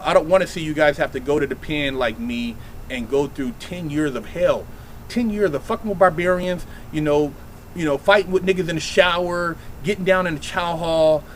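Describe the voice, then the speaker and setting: A man's voice: fairly high pitch, a little hiss or hum, rough recording. A middle-aged man, host of a show, giving blunt, profane and heated street-style advice to young people about staying out of prison.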